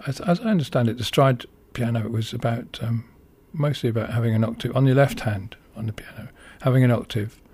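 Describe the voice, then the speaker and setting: A man's voice: mid-range voice, a little fast, hardly any pauses, darkish tone, slightly rough. A man presenting a music show, talking unscripted and hesitantly with many ums and restarts. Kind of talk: casual unscripted radio-style introduction.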